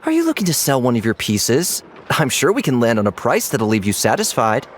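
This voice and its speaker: A fawning guild clerk. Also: male voice, mid-range voice, a little fast, slight background noise. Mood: flattering. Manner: flattering, effusive. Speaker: game character. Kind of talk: video game voice acting.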